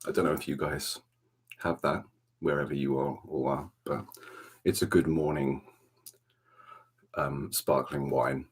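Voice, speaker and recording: A man with a Welsh accent hosting a relaxed ASMR livestream from a dark room at home, chatting softly and greeting viewers by name. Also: very deep voice, a little slow, long pauses, slightly rough. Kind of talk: soft-spoken ASMR chat.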